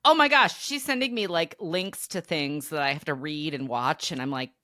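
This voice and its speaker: A woman's voice: sits low, moderate pace, bright, forceful tone, no echo, studio quality. A woman co-hosting a casual podcast chat, bubbly and laughing often. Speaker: co-host.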